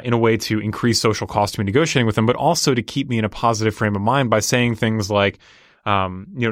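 A man's voice: lowish voice, fairly bright tone, no echo, studio quality. A man talking confidently and explaining with examples in a casual conversation. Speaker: negotiation guest.

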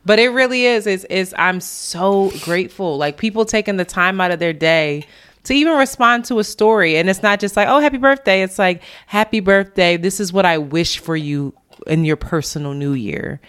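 A woman co-hosting a podcast, talking casually about her week. Her voice is smooth and clear and sits a little low. She tells stories with lots of laughter and jumps up high when she quotes people. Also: normal speed. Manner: animated storytelling, laughs often, voice jumps high when quoting. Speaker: podcast co-host. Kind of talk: casual chat.

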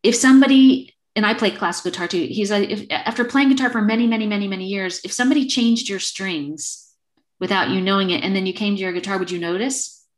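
Talking fast in a medium pitch, an acupuncturist in her fifties tells a story during a casual video call interview, playing out the quoted exchanges.

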